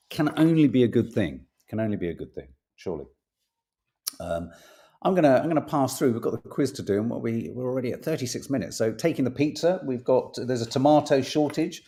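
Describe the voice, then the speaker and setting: A man's voice: mid-range voice, mellow. A man hosting a casual podcast, reading tabloid stories aloud with playful emphasis and jokey asides, swearing now and then.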